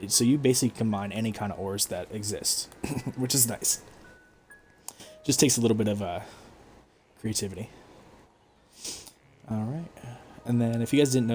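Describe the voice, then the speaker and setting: Casual male gameplay streamer. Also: on the low side. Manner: relaxed, explanatory, frequent fillers. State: hiccups. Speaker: gaming streamer.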